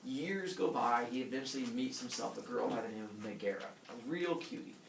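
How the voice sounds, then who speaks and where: A man telling a myth as a comic story, playful and animated, with his own sound effects. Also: medium pitch, brisk, gravelly, roomy sound, distant mic, slight background noise, rough recording.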